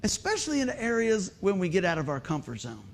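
A man preaching a sermon as pastor, telling a story with shouted sound effects and questions to the congregation. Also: high-pitched, wildly swooping pitch, fast talker, creaky.

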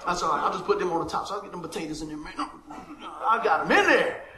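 A man opens his sermon with a funny personal story, laughing as he goes and acting out everyone in it. His voice sits high and sounds bright and forceful. The room gives it a roomy echo. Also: quick pace. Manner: lively storyteller, laughs often, acts out the people in his story. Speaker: pastor.

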